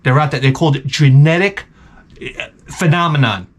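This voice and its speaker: A man's voice: on the high side, moderate pace. Blunt, profane man on a beer-fueled rant. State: a little tipsy from beer. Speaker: advice vlogger answering viewer questions. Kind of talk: rambling comedic advice rant.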